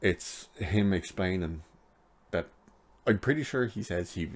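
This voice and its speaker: A man's voice: low voice, lively intonation, a little slow, faint music behind. A man giving a chatty, sarcastic recap of a TV episode, laughing at his own jokes. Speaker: TV episode reviewer.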